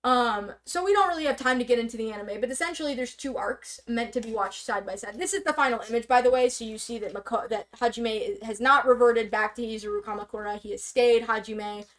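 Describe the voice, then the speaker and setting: A woman casually explaining a story on a live stream, rambling with lots of fillers and sudden bursts of fast talk. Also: fairly high pitch, fairly bright tone. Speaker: stream guest presenting slides. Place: streaming setup indoors.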